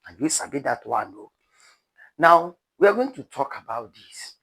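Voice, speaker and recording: A man's voice: a little high, sing-song, normal speed, a bit bright. A man with a Nigerian accent giving dramatic, pleading commentary to his viewers as a news vlogger. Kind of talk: animated commentary to camera.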